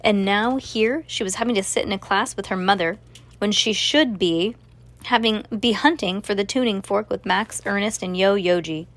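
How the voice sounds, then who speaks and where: A woman's voice: mid-range voice, normal speed. A woman reading a children's novel aloud, with casual asides between passages. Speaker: reader.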